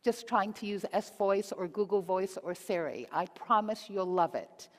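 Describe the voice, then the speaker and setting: A woman's voice: medium pitch, moderate pace. A woman giving a live conference talk, upbeat and often asking the audience questions. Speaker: conference speaker. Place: conference hall. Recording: reverberant hall.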